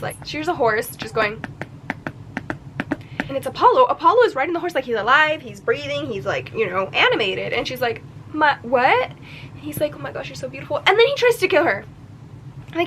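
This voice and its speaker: A chatty young woman in her twenties recaps a novel for her reading vlog, her voice sitting a little high. She gets excitable and jumps into the characters' lines as she tells the story. Faint noise sits under her voice at home. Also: poor audio. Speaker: book vlogger.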